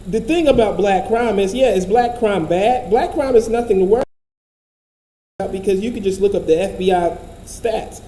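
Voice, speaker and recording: A man's voice: sits high, moderate pace, dark tone, echoey room, low-quality recording. A man giving casual commentary, profane, blunt and rambling.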